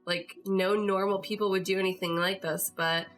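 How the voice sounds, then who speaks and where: A woman's voice: medium pitch, steady tone, moderate pace, fairly bright tone, faint music behind. Chatty young woman telling a story. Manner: chatty, lots of "like", emotional. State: tearful at moments. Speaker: podcast host. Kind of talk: casual personal storytelling.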